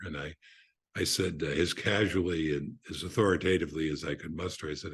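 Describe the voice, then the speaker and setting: An older man with a notably deep voice shares stories as a podcast guest. His tone is husky, and he talks unhurriedly, with frequent fillers and restarts. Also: normal speed. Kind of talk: relaxed anecdote telling.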